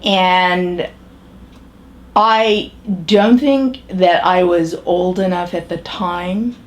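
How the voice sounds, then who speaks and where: An actress performing a monologue as a pragmatic, matter-of-fact middle-aged woman, speaking in a measured, halting way with pauses and restarts. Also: lowish voice, fairly even intonation. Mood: reflective. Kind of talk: character monologue.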